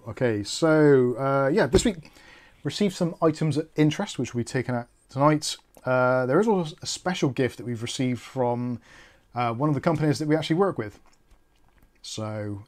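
A man hosts a live tech stream, his voice sitting at an ordinary middle pitch. He rambles and jokes, corrects himself, and strays off topic before steering back. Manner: rambling, jokey, self-correcting.

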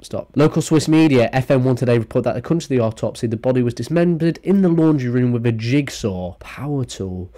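A man's voice: medium pitch, animated, a little fast, hardly any pauses, dark tone. A young man casually reading out and commenting on a news story, rambling with sarcastic, crude jokes.

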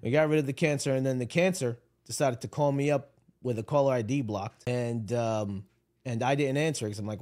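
A man's voice: mid-range voice, fairly quick, darkish tone. A man co-hosting a podcast in casual chat, joking and rambling with frequent restarts. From Arab background. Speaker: podcast co-host. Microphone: video camera setup at home.

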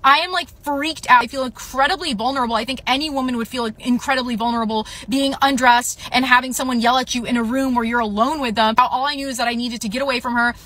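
A woman's voice: sits high, steady tone, quick pace, hardly any pauses, pushed and bright. A young woman telling an upsetting personal story in a casual storytime vlog, full of "like" fillers.

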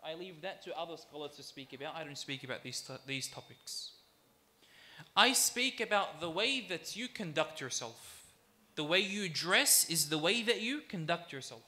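A sheikh gives a sermon in a bright, high voice with lively intonation. He is emphatic and deliberately repetitive, addressing his audience as brothers and sisters.

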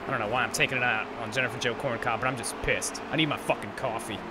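With a medium pitch, steady tone and quick pace, a man runs live commentary on a racing game for his gaming channel. He sounds fed up and swears throughout, against a backdrop of in-game engine noise.

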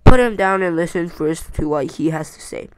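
A home reader voicing a calm but stern old wizard who speaks firmly. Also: mid-range voice, moderate pace, clear, resonant tone, no room sound, close to an everyday voice, low-quality recording.

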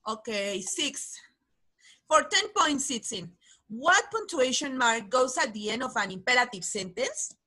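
High, bright woman teacher on a video call. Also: lively intonation, unhurried. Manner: encouraging, calls on pupils by name. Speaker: English teacher. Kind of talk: online class quiz game.

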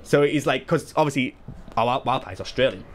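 A man in his twenties chatting casually and excitedly while playing through a game, swearing freely and wandering into asides. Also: mid-range voice, a little fast, a little hiss or hum. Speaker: gaming YouTuber. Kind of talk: live speedrun commentary.

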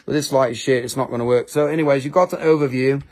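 A man's voice: fairly even intonation, quick pace, a little mellow. Male live-stream seller, casual and profane, rambling and jokey. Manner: rambling, profane, joking, with high-pitched mock quotes. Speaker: host of a live crystal sales stream.

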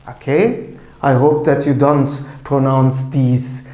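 A language teacher talks slowly and patiently, repeating each phrase more than once. The voice sits at an ordinary middle pitch. The room around it is noticeably echoey. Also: dark tone. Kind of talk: slow patient language lesson.

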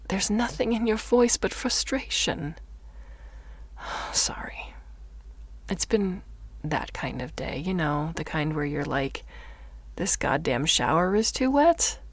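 A woman voicing a tired, sardonic adult woman who lives inside a computer, talking in a flat, weary way for an audiobook. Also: fairly low pitch, slow pace, pauses often, husky, no echo, full character voice. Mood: deadpan. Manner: weary and deadpan. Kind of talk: audiobook narration.

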